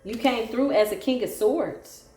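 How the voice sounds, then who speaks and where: A woman's voice: on the high side, unhurried, warm tone. A woman giving a solo tarot reading, sassy, sarcastic and preachy. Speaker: tarot reader. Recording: echoey room with faint music.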